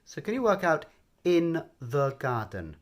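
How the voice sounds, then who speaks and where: Man, bedtime language teacher, patient, coaxing, unhurried prompts. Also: a little high, very animated.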